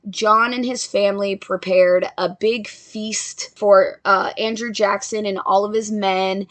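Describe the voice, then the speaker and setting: A woman's voice: mid-range voice, fairly bright tone. A young woman casually narrating a ghost story, with joking asides to her listeners.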